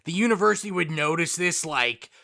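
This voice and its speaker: Podcast dude with a gravelly bright voice, super into it, casual chat. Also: male voice, fairly high pitch, lively intonation, brisk. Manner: enthusiastic, gushing. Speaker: podcast co-host.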